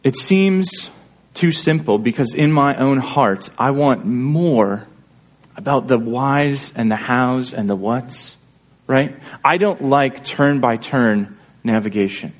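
An earnest pastor with a medium-pitched voice preaches a sermon slowly. His delivery is conversational and punctuated by rhetorical questions.

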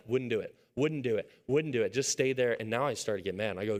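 In his sermon, this pastor in his thirties talks fast with few pauses in a medium-pitched voice. He recounts a family story, shifting from quiet, intimate moments to loud, excited retelling.

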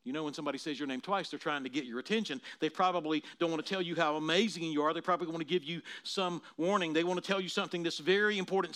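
A man preaching a sermon, swinging from quiet explaining to loud dramatic bursts as he acts out quoted voices. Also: on the high side, rapid-fire, few pauses. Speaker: pastor.

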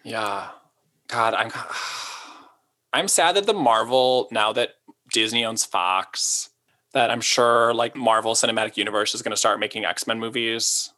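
A man's voice: fairly low pitch, bright, forceful tone. A young man chatting casually as a podcast co-host, rambling and filling his talk with "like". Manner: rambling, lots of "like", quick asides. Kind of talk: casual chat.

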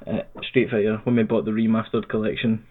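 A man's voice: lowish voice, brisk. Scottish man over a tinny line. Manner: relaxed, sweary, wry. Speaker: podcast co-host. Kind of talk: casual storytelling chat.

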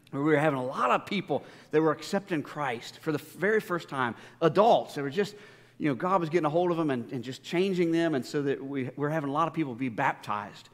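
A male pastor giving a conversational, emphatic sermon full of stories. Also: a little high. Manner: conversational, emphatic preaching with storytelling. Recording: long reverb of a large church hall.

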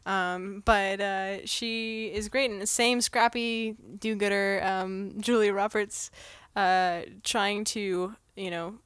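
A woman co-hosting a casual film podcast, talking in a halting way full of fillers. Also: medium pitch, steady tone, fairly bright tone, smooth, no room sound, clean studio sound. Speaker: podcast co-host.

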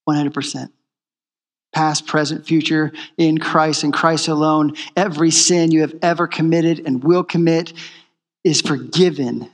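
A man's voice: on the high side, fairly even intonation, takes it slowly, long reverb tail. A man preaching a sermon in a church, emphatic and repeating his key phrases. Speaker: pastor.

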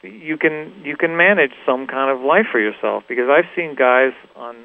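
Male musician guest, thoughtful and halting, mid pitch, thin phone-band radio audio. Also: creaky, no echo. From Los Angeles. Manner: halting, many restarts and "you know". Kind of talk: reflective interview talk. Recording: tinny phone-like radio recording.

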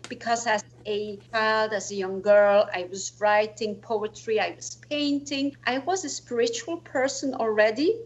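A woman's voice: on the high side, measured pace, hardly any pauses, muffled recording. A woman in her forties, a guest telling a personal story in earnest, reflective talk full of "you know, like". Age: 40s. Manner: earnest, reflective, slightly non-native phrasing with "you know, like".

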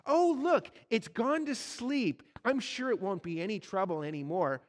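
A man voicing a frightened male ghost, clinging and pleading in high, anxious outbursts. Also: unhurried. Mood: coaxing.

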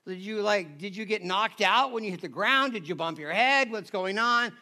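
A preacher doing a baffled posse bro. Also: male voice, sits high, normal speed, sharp tone. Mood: puzzled. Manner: puzzled, pestering questions. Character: confused young men in a traveling posse.

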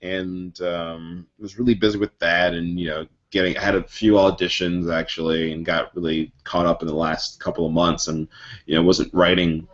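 A man's voice: deep voice, level tone, normal speed. A man, an actor and writer, chatting casually on a podcast and acting out comic scenes with many fillers. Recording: muffled lo-fi podcast audio.

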